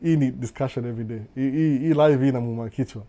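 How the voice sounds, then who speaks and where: A middle-aged Kenyan man hosts a casual live stream, reading viewer comments and switching between Swahili and English. His medium-pitched voice is mellow and fast, and he often says "no, no" with a chuckle.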